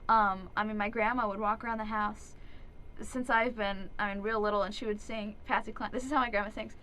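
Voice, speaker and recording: Bright, giggly young woman. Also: medium pitch, steady tone, brisk, a little hiss or hum, low-quality recording. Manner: chatty, giggly, earnest. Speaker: actress and singer, guest. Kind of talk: casual radio interview. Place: radio station studio. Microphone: studio microphone.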